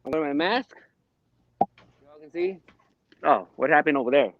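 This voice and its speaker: Man, high voice, upbeat live-demo patter, distant dull dry webcam sound. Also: animated, moderate pace, no echo. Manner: upbeat, short exclamations. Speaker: guest modder demonstrating cabinet cutting. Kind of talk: live stream demo, calling out to viewers. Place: backyard workshop.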